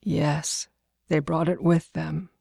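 A woman's voice: sits low, level tone, slow pace, vocal fry, warm tone, slightly rough, dry recording, exaggerated voice. A woman voicing a tall, blunt woodcutter in a storybook reading, with a dry, weary manner. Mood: grave.

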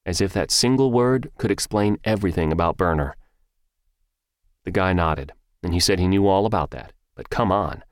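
A man narrating a first-person story in an audiobook, with measured, even storytelling. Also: deep voice, no room sound, clean studio sound.

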